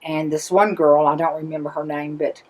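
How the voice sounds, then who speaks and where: A middle-aged woman, soft-spoken and amused. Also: low-pitched, level tone, normal speed, poor audio.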